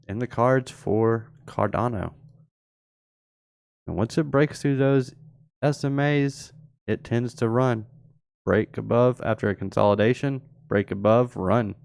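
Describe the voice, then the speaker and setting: A man hosts a live crypto market show, talking casually through charts and answering viewers in chat. His fairly low voice is darkish, clear, and resonant, recorded dry with clean studio sound.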